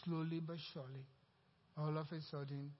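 A man preaching a sermon as pastor, acting out the voices in his story with animated emphasis. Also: on the high side, moderate pace. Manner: animated preaching, acts out quoted dialogue. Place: church sanctuary. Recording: dull echoey church hall recording.

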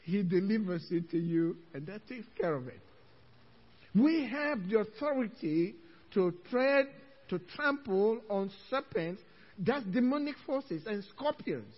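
A male pastor preaching a sermon, telling a story with animated delivery and frequent laughter. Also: sits high, unhurried, long reverb tail, lo-fi sound.

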